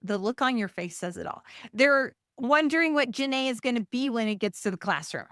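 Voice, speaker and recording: A woman's voice: fairly high pitch, animated, brisk, fairly bright tone, no echo, clean studio sound. A middle-aged woman co-hosting a podcast, explaining earnestly in casual chat with fillers. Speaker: podcast co-host, dance studio owner.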